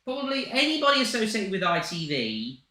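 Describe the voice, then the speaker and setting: Young male co-host, casual banter, very bright tone, echoey room. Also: high voice, wildly swooping pitch. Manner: chatty, quick to joke. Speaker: livestream co-host. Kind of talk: casual chat.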